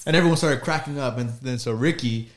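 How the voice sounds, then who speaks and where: A man's voice: medium pitch, quick pace, a little hiss or hum. Man, casual storyteller, rambling, laughs often. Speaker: guest.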